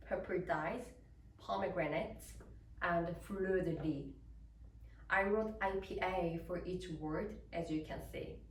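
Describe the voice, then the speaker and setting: A woman's voice: lowish voice, slight background noise. A woman soprano, a native Korean speaker, giving a careful academic lecture in English and explaining each point step by step. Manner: deliberate, explanatory, reading prepared notes. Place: recital hall. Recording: roomy, echoey hall with distant mic.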